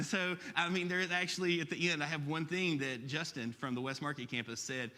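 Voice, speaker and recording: Southern campus pastor, lively sermon delivery, talks fast, bright tone with long hall reverb. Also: male voice, on the high side. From Alabama. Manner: fast, animated, quick to joke. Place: church hall.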